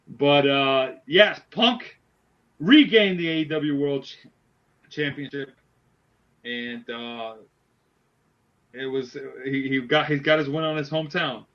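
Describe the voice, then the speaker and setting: A man's voice: a little high, takes it slowly, long pauses, muffled recording. A man hosting a casual wrestling podcast, retelling a story animatedly with lots of restarts. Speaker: podcast host.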